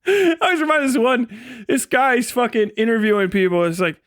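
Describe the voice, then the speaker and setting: A man's voice: extremely high pitch, normal speed, fairly bright tone, no echo, studio quality. Profane, rambling male streamer. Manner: profane, rambling, laughs often. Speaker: live streamer. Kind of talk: casual chat on a live stream.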